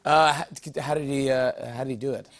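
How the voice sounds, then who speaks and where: A man hosting a talk show interview, playful and quick to jump in with jokes. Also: medium pitch, steady tone. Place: TV studio.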